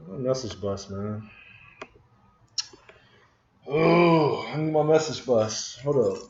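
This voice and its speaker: Slow-talking man coding, roomy dull audio. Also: medium pitch, animated, a little mellow, slight background noise. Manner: frustrated, muttering to himself while searching. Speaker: programming screencast host. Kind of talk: casual live coding talk. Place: room at a computer. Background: keyboard typing and clicking.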